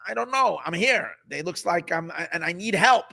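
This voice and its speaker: A man's voice: high voice, expressive, moderate pace, vocal fry, sharp tone, full character voice. A man voicing a lost young man who asks for help, unsure and pleading.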